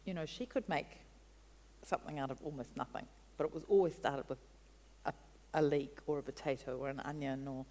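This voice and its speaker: A woman guest, a food writer, telling animated stories in an interview. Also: extremely low pitch, a little fast, big-room sound. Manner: chatty, animated storytelling with laughs. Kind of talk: storytelling interview answers.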